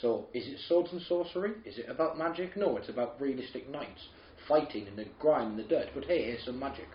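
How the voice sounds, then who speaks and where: A man's voice: mid-range voice, animated, brisk, a little hiss or hum. A man, co-hosting a podcast in casual, sweary, ranting banter. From northern England. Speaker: podcast co-host. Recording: roomy, slightly dull podcast audio.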